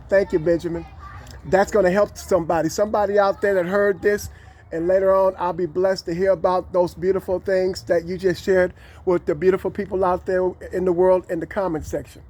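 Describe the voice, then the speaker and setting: A man's voice: sits high, fairly even intonation, moderate pace, a little mellow, slight background noise. A man talking to camera in a rambling, encouraging way, with many fillers, recorded outdoors. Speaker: vlogger. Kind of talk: casual talk to camera.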